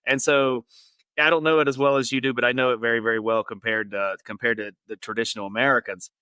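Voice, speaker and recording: A man hosts a relaxed podcast chat, laughing easily and chiming in with short agreements. His voice is bright and forward. It is recorded close and dry. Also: medium pitch, quick pace, clean tone, no echo. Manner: easygoing, laughs often, short agreeing replies. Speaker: podcast host. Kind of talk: casual interview chat.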